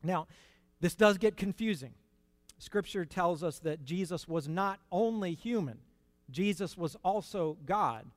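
A man preaching a sermon in an earnest, conversational way, rising to emphatic peaks and dropping to quiet asides. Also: high-pitched, animated, unhurried, no room sound.

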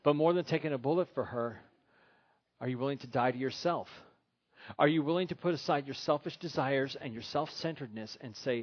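A man's voice: medium pitch, brisk, highs cut off. A middle-aged male pastor preaching a sermon in church, mixing humor with earnest teaching. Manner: preaching with humor, putting on silly voices for a husband.

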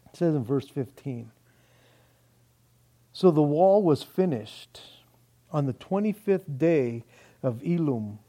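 Male pastor, sermon delivery, lively and conversational, higher-pitched voice. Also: slow, pauses often. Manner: animated, acts out quoted voices, says "man" often.

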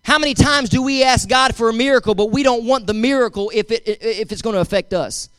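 High-voiced preacher, emphatic and dry. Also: male voice, a little fast, a bit bright, clean tone, no room sound. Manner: emphatic and repetitive, addressing the congregation directly. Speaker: pastor. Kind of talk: sermon.

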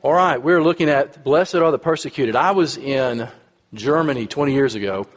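A man's voice: mid-range voice, normal speed. A man in his fifties with a Texas accent, preaching a sermon in a conversational, storytelling way with frequent asides to the congregation. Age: 50s. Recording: long hall reverb.

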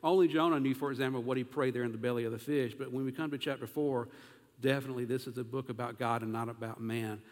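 A man preaching an animated sermon as pastor, asking his congregation questions as he goes. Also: medium pitch, quick pace, long reverb tail.

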